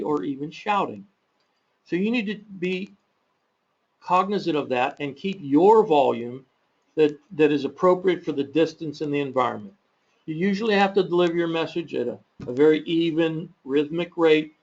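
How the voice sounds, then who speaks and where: A man giving an instructional webinar in a measured, practical way, with occasional fillers and self-corrections. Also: fairly high pitch. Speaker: webinar presenter on confrontation management. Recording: muffled, dull webinar audio.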